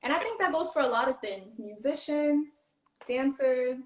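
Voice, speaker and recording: A woman's voice: high voice, expressive, moderate pace, slight background noise. A woman hosting a podcast interview, talking casually and encouragingly, affirming her guest. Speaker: podcast host. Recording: echoey room.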